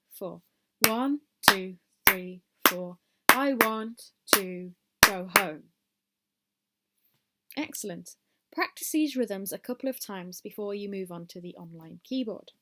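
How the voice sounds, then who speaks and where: A woman's voice: medium pitch, a little mellow. A woman teaching a music lesson step by step, counting beats aloud and encouraging the class.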